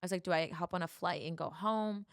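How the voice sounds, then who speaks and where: A young woman with a gravelly, fry-laden voice, chatting through a personal story as a podcast host. She talks animatedly and slips into the voices of the people in her story. The sound is close and dry, with no room around it. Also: on the low side, fast talker, dry recording.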